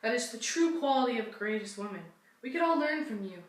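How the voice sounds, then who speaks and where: A young adult woman plays a gushing, sympathetic talk-show hostess in a school-project role-play. She speaks quickly in a fairly high, natural voice with lively intonation, and the audio has echo, a distant mic, and a faint hum.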